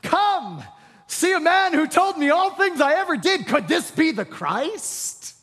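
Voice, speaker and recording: Brief: mocking, quick-talking village woman as a preacher acts her out, high and lively. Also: big-room sound. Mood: excited. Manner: mocking, then pleading. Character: skeptical, sharp-tongued Samaritan woman at a well.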